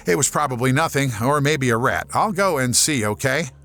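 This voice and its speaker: A man voicing a calm, brave teenage boy who explains the rules and reassures his friends, in an audiobook horror story. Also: medium pitch, normal speed, vocal fry, faint music behind.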